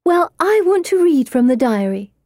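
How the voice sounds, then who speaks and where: Woman doing a spoiled teen girl, high and whiny, all drama, audiobook vibe. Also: very animated, moderate pace, mellow, no room sound, studio quality. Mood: plaintive.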